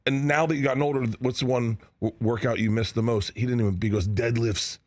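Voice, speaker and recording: A man's voice: mid-range voice, fast talker. A man guest on a studio interview show, telling stories with lots of laughter and acting out other people's lines in voices. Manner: excitable, laughs a lot, acts out quotes in voices. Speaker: comedian guest. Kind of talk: animated storytelling in a studio interview. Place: sports talk show studio.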